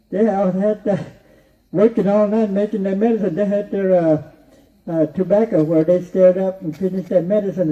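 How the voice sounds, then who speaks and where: A man telling a spoken story, rambling and repetitive, often chuckling to himself. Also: high-pitched. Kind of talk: oral storytelling. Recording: distant, dull lo-fi recording.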